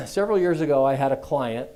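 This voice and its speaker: Middle-aged guy giving a talk to students, mellow tone, chatty storytelling. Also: medium pitch, brisk, creaky. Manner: conversational storytelling, animated. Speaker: guest speaker. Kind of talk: business school address.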